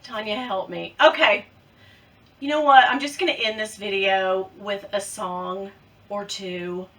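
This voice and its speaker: A woman vlogger chatting casually to camera about luxury bags, playful and quick to giggle. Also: mid-range voice, fairly even intonation, fairly bright tone, far from the mic, poor audio.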